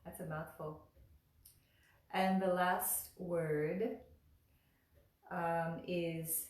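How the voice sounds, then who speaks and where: A woman teaching pronunciation, patiently repeating each syllable slowly and clearly. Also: lowish voice, little pitch movement. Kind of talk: slow, patient pronunciation lesson. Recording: roomy echo, voice a bit far from the mic.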